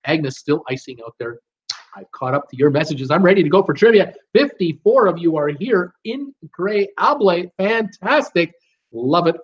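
Chatty man hosting a live stream. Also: on the high side. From Canada. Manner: chatty, jokey, reads out viewer comments. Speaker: live show host. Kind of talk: casual live-stream chat. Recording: dull lo-fi stream audio.

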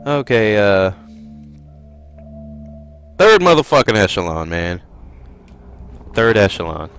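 A man's voice: on the low side, big pitch swings, takes it slowly, clear, resonant tone, soft background music. A man giving profane, frustrated let's play commentary while playing a game. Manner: profane, ranting, loudly frustrated.

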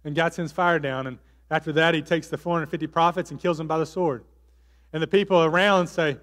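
A man's voice: a little high, steady tone, a little fast, long reverb tail. A man preaching a sermon as pastor, telling the story casually with fillers and acting out the quotes. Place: church hall.

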